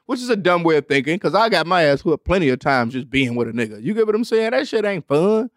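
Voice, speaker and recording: A man hosting a podcast in casual, animated comedic chat, laughing often and slipping into exaggerated voices when he quotes people. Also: on the high side, fast, no echo, studio quality. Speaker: podcast host.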